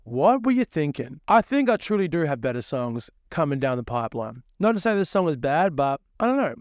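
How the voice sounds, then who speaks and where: A man's voice: on the high side, very animated, a little fast, clean tone, dry recording, clean studio sound. Crude, rambling young man. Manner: crude, swearing, rambling, laughs at himself. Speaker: musician podcast host. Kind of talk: casual rambling monologue.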